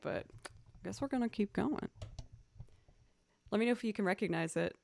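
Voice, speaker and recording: A woman's voice: mid-range voice, moderate pace, vocal fry, pauses often, a little mellow. A woman livestreaming as a musician, chatting casually, thanking viewers and humming beats aloud. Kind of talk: casual live stream chat.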